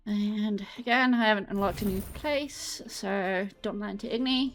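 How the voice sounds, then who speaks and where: On a treadmill at home, an English woman livestreams, wandering casually from topic to topic with her viewers. She has a medium-pitched, fairly bright voice and a measured pace, over soft background music.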